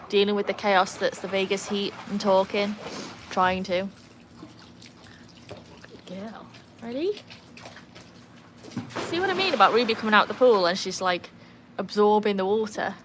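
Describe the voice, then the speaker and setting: A woman chatting casually on a livestream from beside a backyard pool, breaking into a high sing-song voice to praise her dog. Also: background noise. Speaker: livestream host and dog owner. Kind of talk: casual live chat. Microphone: phone.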